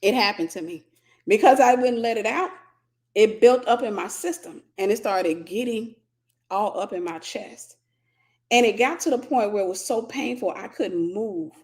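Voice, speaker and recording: An American woman hosting a candid Christian teaching talk, telling a humorous personal story in an animated, confessional way. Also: mid-range voice, normal speed. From United States.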